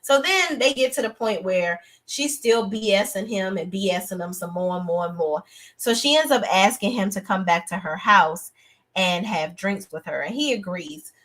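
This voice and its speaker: A young woman talks straight into her live stream about a TV drama, blunt and animated. Her speech carries features. The pitch sits mid-range for a woman. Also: moderate pace. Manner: animated, outspoken, breaks into acted voices of characters. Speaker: TV review show host. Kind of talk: casual live-stream review chat.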